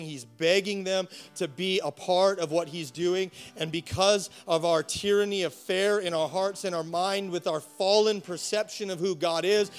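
A man's voice: fairly high pitch, clean tone. A male pastor preaching a sermon with rising passion, repeating words as he builds his point. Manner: impassioned, rising to emphatic preaching.

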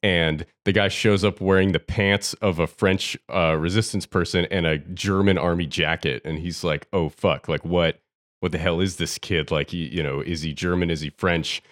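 A man co-hosting a film podcast, talking in a relaxed way with some swearing. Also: sits low, moderate pace, dry recording, clean studio sound. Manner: relaxed, casual with mild swearing. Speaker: podcast co-host. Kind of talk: casual film discussion.

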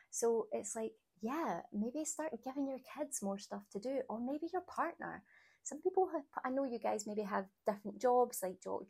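A woman's voice: medium pitch, a little mellow. Chatty woman podcaster. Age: 30s. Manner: chatty, encouraging, laughs easily. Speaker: podcast host. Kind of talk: solo podcast chat.

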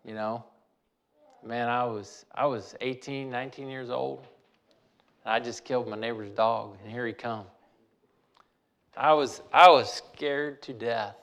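Gravelly-voiced man telling a folksy story. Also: mid-range voice, fairly even intonation, unhurried, long pauses, fairly bright tone. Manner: folksy, repeats phrases for emphasis. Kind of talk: personal storytelling.

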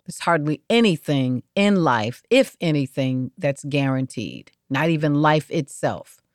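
A woman hosting an inspirational podcast, speaking slowly and repeating words for emphasis. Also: sits low, animated, no echo, clean studio sound. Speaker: podcast host.

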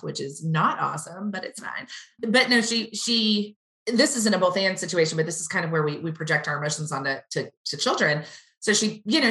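A woman in her thirties, telling stories in casual chat, candid and animated, acting out quotes. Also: sits low, reverberant.

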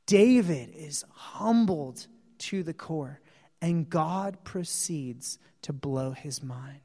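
A male preacher giving a sermon, telling a story earnestly with dramatic pauses. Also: a little high, animated, warm tone. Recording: long hall reverb.

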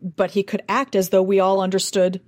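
An American dialect coach appears as an interview guest, telling stories casually and acting out accents and sounds along the way. She's animated, with a medium-pitched voice and a slightly fast pace.

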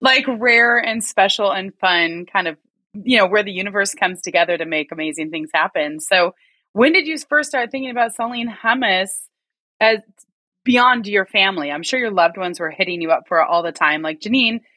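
A woman from rural Oregon hosts the conversation, enthusiastic and effusive, laughing often. Her voice is bright and forward, recorded close and dry with no room around it. Her pitch sits in a middle range for a woman. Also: normal speed, no room sound. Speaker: interview host. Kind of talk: conversational interview.

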